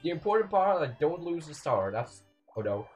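Excitable young man yelling at a game. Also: on the high side, moderate pace, faint music behind. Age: young adult. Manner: excitable, yells and mutters at the game. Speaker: gameplay commentator. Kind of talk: let's play commentary.

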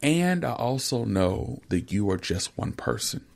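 A man's voice: mid-range voice, big pitch swings, a little slow, creaky. A middle-aged man and pastor, co-hosting a podcast, who talks in an earnest, encouraging way and often repeats words as he starts a thought. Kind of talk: casual pastoral conversation.

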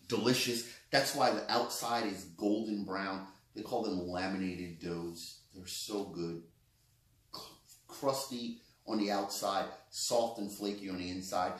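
A man's voice: mid-range voice, a bit bright. Playful male chef host, echoey room. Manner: playful, jokey, talks to the viewer by name. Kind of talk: casual question-of-the-day cooking talk. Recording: echoey room, mic at a distance.

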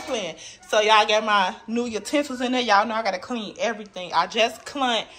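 Over music, a woman with a voice on the high side talks at a moderate pace with few pauses. Tired and emotional, she holds up a phone camera for a casual vlog tour of her new apartment and the building's indoor common areas, chatting straight to viewers as "y'all."

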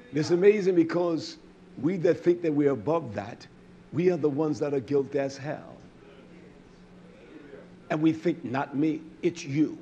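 Slow high-voiced preacher, swelling to shouts. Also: male voice, a little hiss or hum. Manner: slow, swelling preaching, rising to shouts then dropping low; repetitive emphatic phrasing with many fillers. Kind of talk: sermon.

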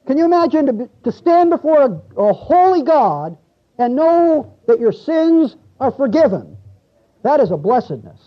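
A man's voice: very high voice, dull audio. A man preaching a sermon in a church, talking conversationally with the congregation and reading scripture aloud. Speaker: pastor. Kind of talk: expository sermon.

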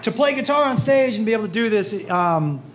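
A male stand-up comedian telling animated, crude stories on a club stage into a handheld mic. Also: sits high, brisk. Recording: echoey comedy club with loud crowd.

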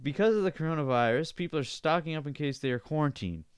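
A man's voice: a little high, expressive, fast talker, smooth, dry recording, studio quality. A young man hosting a solo podcast, ranting casually with plenty of swearing and sarcasm. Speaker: podcast host.

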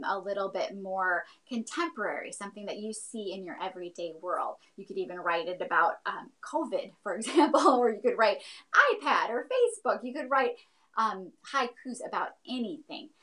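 A woman librarian teaching children to write poetry, gentle, encouraging and patient as she explains. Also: mid-range voice, rough recording. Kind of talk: teaching kids about poetry.

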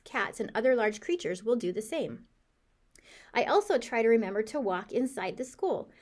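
A woman reading a children's chapter book aloud in the voice of a cheerful, curious hamster narrator, with a lively, expressive delivery. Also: a little high. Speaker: audiobook reader. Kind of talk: storybook narration.

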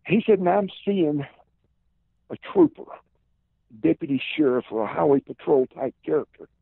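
A man in his fifties with a Southern accent, telling long stories in a relaxed way as a podcast guest, heard over a tinny phone line. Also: fairly high pitch, brisk, creaky, husky, dry recording. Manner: relaxed storyteller, many "uh" and "and" fillers. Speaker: podcast guest, former pro wrestler. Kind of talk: casual storytelling interview.

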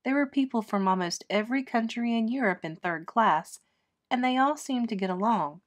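A woman teacher reading a children's chapter book aloud with clear, expressive storytelling. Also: a little high, moderate pace.

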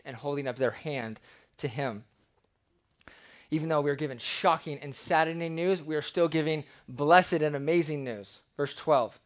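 A man's voice: on the high side, normal speed. A man preaching a verse-by-verse sermon in a church, reading scripture and acting out the people in his examples. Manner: animated, acts out quoted voices. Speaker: pastor. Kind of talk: expository sermon.

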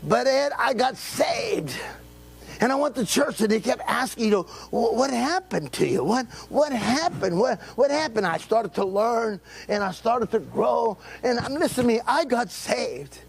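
A man, preaching a fervent sermon in a church, repeating his phrases and often shouting them. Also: very high voice, creaky, husky. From Texas. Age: late 70s. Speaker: pastor. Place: church sanctuary.

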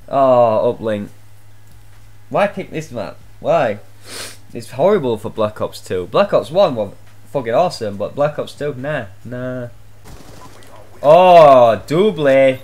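A young man giving loud, swear-filled live commentary on his own gameplay, shouting out reactions as he plays. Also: medium pitch, expressive, slow pace, long pauses. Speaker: gaming channel host.

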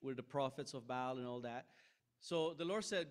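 A middle-aged man preaching a sermon, telling a story with lively asides and frequent "right?" checks to the room. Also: medium pitch, normal speed. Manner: animated, self-deprecating anecdote with frequent "right?" asides. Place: church sanctuary.

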